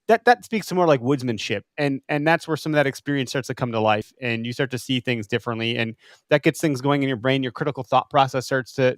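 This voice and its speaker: A man's voice: medium pitch, dry recording, clean studio sound. A man hosting a casual show, explaining his view with everyday analogies and emphatic asides. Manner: folksy, uses analogies, emphatic. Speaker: host. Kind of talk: casual chat.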